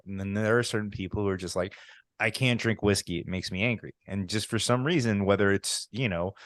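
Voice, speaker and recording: Deep-voiced man hosting a chatty interview. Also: no room sound, clean studio sound. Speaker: podcast host. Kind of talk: casual interview conversation. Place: home office.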